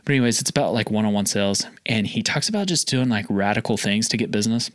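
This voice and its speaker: A man's voice: on the low side, fast talker, a little hiss or hum. A man from Oklahoma, a store owner, telling stories in a casual interview, rambling and filling his talk with lots of "like". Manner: rambling, filler-heavy with lots of "like". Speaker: feed store owner, guest.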